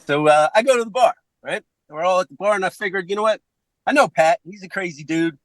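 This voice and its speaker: A man with a Philadelphia accent telling a comedic story on a podcast, profane and animated, acting out the voices of other people. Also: sits high, fast talker, dry recording, rough recording.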